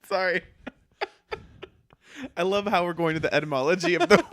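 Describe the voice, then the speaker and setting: Male co-host, inquisitive, giggly, higher voice, dry recording. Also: very animated, fairly bright tone, no room sound. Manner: quick to laugh, asks questions. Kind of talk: casual chat.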